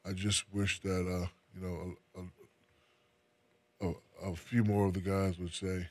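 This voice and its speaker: A deep, darkish voice with little pitch movement speaks slowly. It belongs to a man from New Jersey, a retired basketball player, chatting laid-back in an interview and often doubling up words at the start of sentences.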